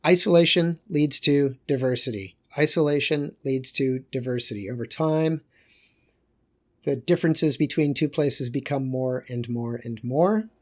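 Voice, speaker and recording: A man's voice: mid-range voice, measured pace. A male teacher giving a recorded lecture in a conversational way, with joking asides.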